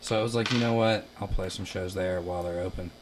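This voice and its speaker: Young male musician from Ohio, casual chat in a basement, low voice, bursts into loud quoted lines. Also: fast, noisy background. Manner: animated, laughing, acts out quotes loudly. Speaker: musician guest.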